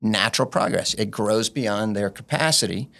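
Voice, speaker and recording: A man's voice: lowish voice, normal speed, creaky, a bit bright. A man in a casual interview as a guest business implementer, telling earnest, rambling stories.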